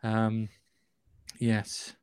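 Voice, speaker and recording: A man's voice: fairly low pitch, completely flat delivery, extremely slow, darkish tone, smooth, no echo. Podcast co-host, man, rambling anecdotes, dry close mic. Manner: rambling storyteller, acts out quotes. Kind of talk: casual chat.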